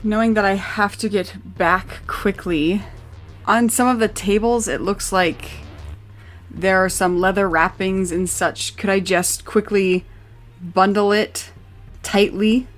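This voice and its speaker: A woman playing a tabletop game, describing her character's actions in a hurried way. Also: medium pitch, fairly even intonation, soft background music. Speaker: player. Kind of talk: casual tabletop play.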